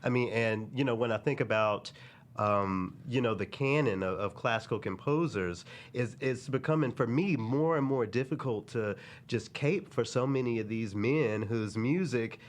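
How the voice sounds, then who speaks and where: A man's voice: medium pitch, normal speed. A man hosting a casual podcast conversation, laid-back and joking with slangy asides. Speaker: podcast host. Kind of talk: casual chat.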